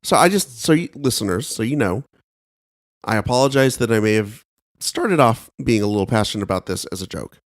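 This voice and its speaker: A man in his thirties co-hosting a casual podcast. His voice sits fairly low, and he plays up mock-conspiratorial ideas with animated leaps in pitch. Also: a little fast. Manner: animated, mock-conspiratorial, jumps pitch when quoting himself. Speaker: podcast co-host.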